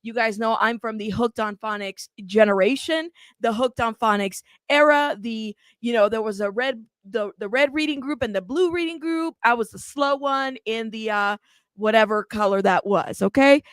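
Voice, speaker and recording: A woman hosting a true crime channel, talking in a casual, animated and sassy way, bilingual in Spanish. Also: on the high side, moderate pace, no room sound. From United States. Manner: animated, sassy, frequent laughs. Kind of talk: casual livestream commentary.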